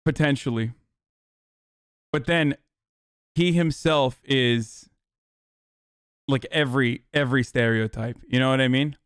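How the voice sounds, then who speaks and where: Rambling, clear-voiced male streamer. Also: mid-range voice, a little slow, long pauses, no room sound, studio quality. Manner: loose, rambling, swears freely. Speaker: livestream host. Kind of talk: casual chat with chat viewers.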